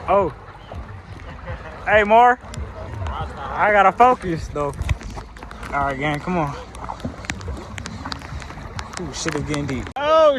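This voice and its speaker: A young man vlogging outdoors on a phone while riding a horse in the rain, exclaiming and laughing as he goes. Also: very high voice. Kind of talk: casual vlog commentary. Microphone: handheld phone. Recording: outdoor phone audio with rain and water noise.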